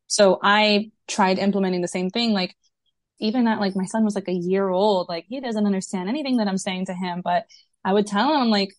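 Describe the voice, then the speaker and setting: A woman's voice: mid-range voice, fairly quick, no room sound. A woman speaking as a podcast guest, candid and chatty, filling her sentences with "like". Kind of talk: conversational interview.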